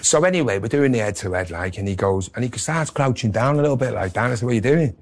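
A middle-aged man, a former boxer telling animated anecdotes in a casual interview. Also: mid-range voice, fast talker, noisy background. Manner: animated anecdotes, quotes people in character voices.

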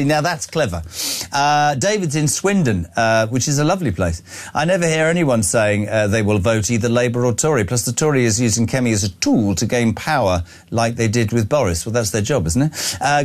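A middle-aged man hosting a breakfast radio show, chatty and opinionated as he reads out listener texts. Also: medium pitch. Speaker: radio host. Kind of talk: breakfast radio talk and text reading.

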